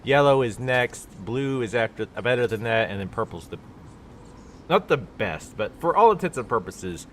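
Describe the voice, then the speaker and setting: A man's voice: mid-range voice, lively intonation, normal speed, a bit bright, a little hiss or hum. A man with a stuffy nose giving casual, rambling commentary while he plays a game on a live stream. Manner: rambling, explanatory, with many fillers. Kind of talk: casual let's-play commentary.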